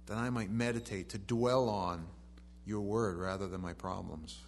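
A man preaching a sermon. He reads scripture softly and then rises to animated emphasis. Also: on the low side, normal speed, a little hiss or hum.

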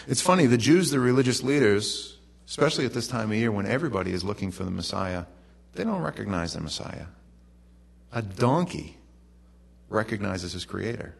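A middle-aged man preaching a sermon, telling the story in a relaxed, conversational way with lively asides to the congregation. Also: fairly low pitch, a little fast, gravelly, slightly rough. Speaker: pastor.

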